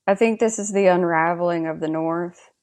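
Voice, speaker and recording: On this podcast, a woman with a lowish, slightly mellow voice talks at normal speed while recapping a TV episode. She's casual but opinionated, turning to her co-host for their views.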